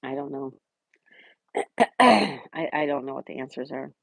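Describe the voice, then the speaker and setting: A woman hosting a casual live stream, chatting and answering viewers by name, sometimes dropping to a soft whisper. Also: extremely low pitch, expressive, unhurried, gravelly, husky, no echo.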